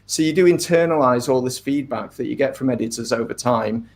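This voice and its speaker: A middle-aged man, an author being interviewed, talking in a thoughtful, measured way with frequent ums and asides. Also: mid-range voice, gravelly, a little mellow. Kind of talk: casual interview talk.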